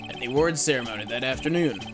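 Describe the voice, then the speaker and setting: A woman voicing a laid-back adult cowboy detective in a put-on Western drawl, over game music. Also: a bass voice. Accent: put-on American Western drawl. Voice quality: slow folksy drawl. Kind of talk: voicing a game character on a livestream. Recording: game music playing underneath.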